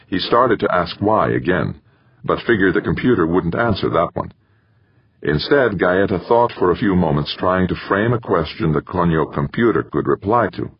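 A man narrating an audiobook in a steady, measured reading. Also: sits low, breathy edge, no room sound, dull audio. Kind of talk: scripted narration.

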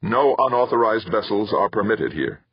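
A man's voice: lowish voice, very animated, moderate pace, breathy edge, no echo, lo-fi sound, pitched above the performer's own voice, heavily acted. A man voicing a computerized guard voice on a comm speaker, formal and commanding. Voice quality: synthesized, machine-like. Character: cold computerized male guard voice.

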